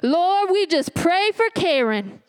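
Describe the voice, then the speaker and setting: A woman's voice: very high-pitched, big pitch swings, slow, dry recording, exaggerated voice. A woman voicing her elderly grandmother, insistently calling the family to kneel and pray. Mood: commanding. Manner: insistent, loud calls to prayer. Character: praying Southern grandmother, elderly woman, commanding.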